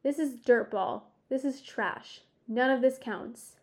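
A woman's voice: fairly high pitch, slow pace, darkish tone. A woman reading the lines of a sullen boy who complains he was cheated, in a storybook. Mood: indignant. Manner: whiny, indignant. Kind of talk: audiobook reading.

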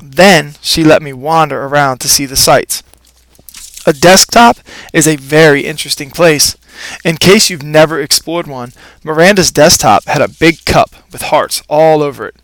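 A man reading a children's storybook aloud in a playful, expressive first-person narration. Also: on the high side, moderate pace, no room sound. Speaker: audiobook narrator.

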